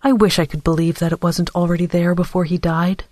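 A man's voice: high-pitched, level tone, brisk, a little mellow, dry recording, lightly acted. A man voicing a guarded, grieving young woman with a law background, pressing pointed and suspicious questions. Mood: wary.

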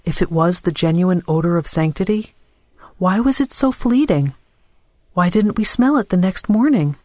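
A man's voice: high voice, expressive, moderate pace, darkish tone, no echo. A man voicing a guarded, grieving young woman with a law background, pressing pointed and suspicious questions. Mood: wary.

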